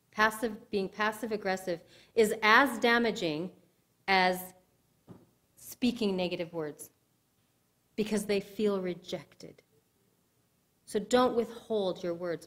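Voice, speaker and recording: A woman giving conversational sermon-style teaching in a church, checking with her listeners as she goes. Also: medium pitch. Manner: conversational teaching, asks the audience if it makes sense. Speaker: speaker at a church service.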